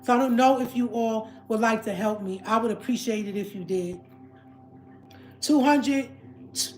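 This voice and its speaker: A woman hosts a livestream and rants heatedly to her viewers, repeating herself and calling them family. Her voice sits a little high. It rings in a roomy space with faint music behind. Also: a little mellow. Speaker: livestream host. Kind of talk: emotional livestream rant.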